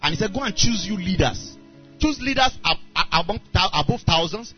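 A male preacher tells a story in his sermon and acts out the characters as he goes. His voice sits high and swings widely in pitch. The recording sounds dull and lo-fi, with faint music underneath. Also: brisk. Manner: animated storytelling, voicing characters.

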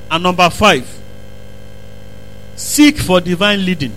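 High, bright-voiced preacher. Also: male voice, animated, moderate pace, slight background noise, low-quality recording. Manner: emphatic preaching, repeats phrases, bursts into shouts. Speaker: pastor. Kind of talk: sermon.

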